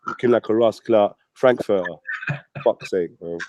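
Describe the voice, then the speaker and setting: Mellow-voiced profane ranter. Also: male voice, on the low side, moderate pace. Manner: profane, mocking, combative. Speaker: vlogger. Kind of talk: ranting commentary.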